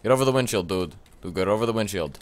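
A young man commenting on his gameplay, excitable and often shouting at the game with mild swearing. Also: fairly low pitch, rapid-fire. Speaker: let's play gamer.

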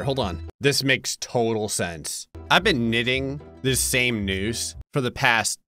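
Man narrating a game, bright voice, lively pitch, wry jokes, sudden squeaky outbursts. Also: normal speed, hardly any pauses, soft background music. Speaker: gaming channel host. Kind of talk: comedic gameplay commentary.

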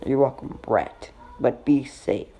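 A protective fox spirit who gently warns the hero to stay safe, slow and dark-toned, read plainly by a male storyteller. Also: medium pitch, slightly rough, poor audio. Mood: caring.

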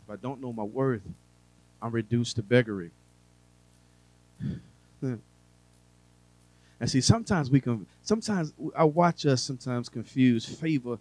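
Man preaching, quiet then loud. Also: mid-range voice, no room sound, poor audio. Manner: conversational preaching with humor and asides to the audience; swings between quiet, drawn-out phrases and loud emphasis. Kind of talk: sermon.

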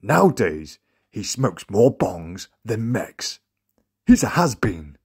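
A man's voice: lowish voice, sing-song, slow, darkish tone, slightly rough. A young adult man hosting a gaming channel, delivering a comedic roast tier list with mocking banter and dramatic announcer-style reveals.

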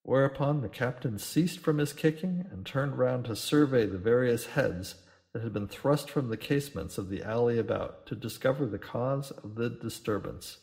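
A man narrating an old story in a measured audiobook reading. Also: mid-range voice, creaky, a little mellow.

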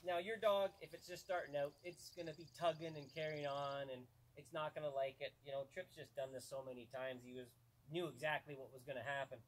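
A man's voice: on the high side, steady tone, brisk. A man on a pro staff giving a casual dog-training lesson outdoors, plain-spoken and often checking in with "okay?". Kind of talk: casual outdoor instructional talk. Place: outdoors on a rural property.

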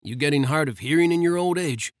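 A man's voice: a little high, fairly quick, no echo, pitched above the performer's own voice, lightly acted. A man voicing a cocky, joking younger brother in an audiobook romance. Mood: teasing. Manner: flippant, joking, emphatic. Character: cocky younger brother, god's son, teasing.

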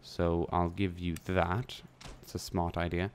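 Deep-voiced man narrating a strategy game. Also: level tone, measured pace, slight background noise. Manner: chatty, thinking aloud while playing, casual swearing. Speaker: gameplay commentator. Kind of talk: casual let's-play commentary.

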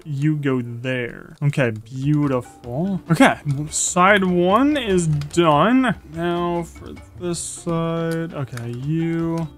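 A man commenting on his own building gameplay, chatty and talking to himself, with sudden excited or panicked outbursts. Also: fairly high pitch. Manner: chatty self-talk, excitable, bursts of panic. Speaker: gaming YouTuber. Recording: background music under voice.

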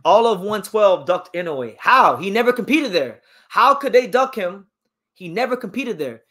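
A high-voiced man with a sharp tone hosts a boxing live stream at a moderate pace, very animated throughout. He answers chat questions with strong, emphatic opinions and tends to repeat words as he gets fired up.

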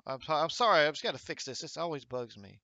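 Fast and animated, this gaming streamer speaks in a fairly high, sharp voice with no room sound at all. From his home green-screen setup, he reads out viewer comments while staying upbeat and encouraging.

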